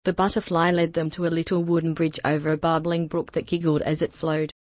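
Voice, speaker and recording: Gentle woman reading a bedtime story. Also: sits low, little pitch movement, fairly quick, no echo, studio quality. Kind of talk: scripted storybook narration.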